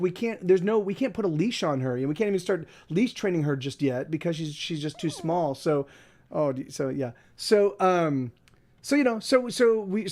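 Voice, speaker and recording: A man hosting a livestream, chatting casually, rambling with lots of restarts and repeated words. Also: high-pitched. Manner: soft baby talk to his dog. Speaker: livestream host. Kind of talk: casual chat.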